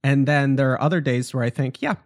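A man's voice: medium pitch, fairly quick, dry recording, studio quality. A man hosting a casual podcast chat, easygoing, laughing often and throwing in short quips. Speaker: podcast host.

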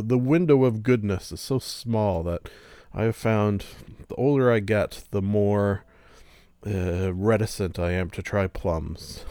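A man's voice: lowish voice, dark tone, no room sound. A man hosting a solo podcast, rambling casually with goofy, self-mocking asides. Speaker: podcast host.

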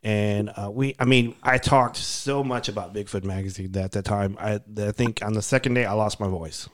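Guy rambling thru old stories on a podcast, lowish voice, lots of restarts. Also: fairly even intonation, a little hiss or hum. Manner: rambling, halting, many restarts. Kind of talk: casual storytelling chat.

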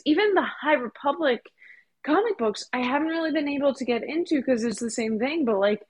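A woman's voice: high-pitched, expressive, a little fast. A woman co-hosting a casual podcast chat. She talks in an eager, earnest way. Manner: enthusiastic, earnest. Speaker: podcast co-host.

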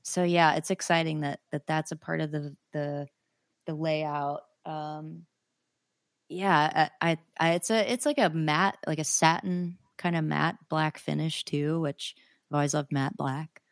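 A woman's voice: low-pitched, fairly even intonation, measured pace, no echo, studio quality. A young woman, a singer-songwriter guest, chatting casually and enthusiastically with lots of fillers. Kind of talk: casual interview chat.

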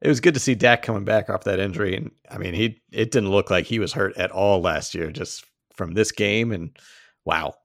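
A man's voice: on the low side, moderate pace, vocal fry, fairly bright tone, no echo, studio quality. A man co-hosting a casual sports podcast, laid-back and playful, laughing often. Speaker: podcast co-host.

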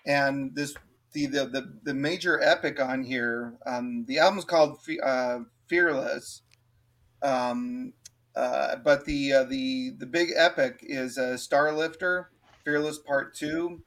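A man co-hosting a podcast, reviewing an album with many pauses and restarts but plenty of enthusiasm. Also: mid-range voice, a bit bright. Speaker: podcast co-host. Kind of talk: casual album review chat.

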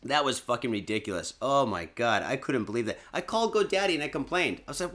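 A man's voice: medium pitch, very animated, quick pace, few pauses, a bit bright. A man from Michigan hosting a podcast, chatting loosely and cursing a lot while day drinking. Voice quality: profane, loose and jokey, lots of fillers. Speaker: podcast host. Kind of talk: casual rambling podcast chat.

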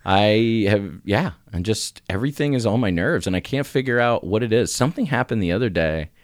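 Low-voiced animated man laughing through stories. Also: brisk, no echo, clean studio sound. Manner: animated storyteller, laughing often, voice jumping high when acting out quotes. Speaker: podcast co-host. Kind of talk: casual church podcast chat.

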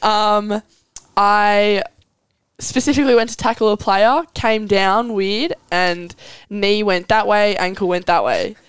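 A woman's voice: mid-range voice, steady tone, slow, smooth, no room sound. A teenage girl with an Australian accent, hosting a casual chat and rambling through stories with giggles. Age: teens. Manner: chatty, giggly, rambling storyteller. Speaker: podcast host.

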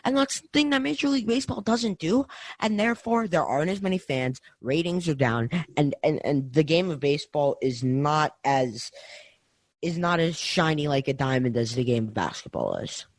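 A man's voice: fairly high pitch, moderate pace, no echo. Young man chatting on a sports podcast. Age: young adult. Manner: animated, many restarts and tag questions. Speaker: podcast co-host. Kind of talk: casual sports podcast chat.

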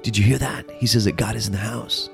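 A man's voice: on the low side, steady tone, quick pace, vocal fry, over music, pitched above the performer's own voice. A man imitating his ailing wife, raising his voice into an eager, amazed tone.

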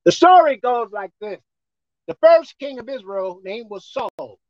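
A woman preacher delivering a folksy, emphatic sermon, swinging between shouting and hushed tones. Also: fairly high pitch, lively intonation, measured pace, no room sound, dull audio. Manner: folksy, colloquial.

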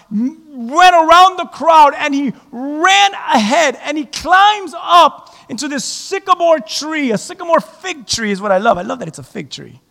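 A male pastor preaches with a strikingly high voice, moving between joking asides and shouted emphasis. His sermon rings out in a church sanctuary with a long, trailing reverb.

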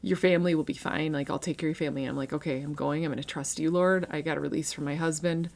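Low-voiced woman giving a heartfelt testimony. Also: steady tone, racing, vocal fry, a little mellow. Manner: earnest, conversational, full of restarts and fillers. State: emotional, near tears. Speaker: speaker sharing a faith testimony. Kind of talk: personal faith testimony.

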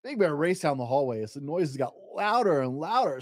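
A man reading a bedtime picture book aloud, his pitch swooping up and down with drawn-out dramatic pauses. He is miked close and the sound is dry. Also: big pitch swings, no room sound. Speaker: storytime podcast host and reader. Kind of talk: bedtime story read-aloud.

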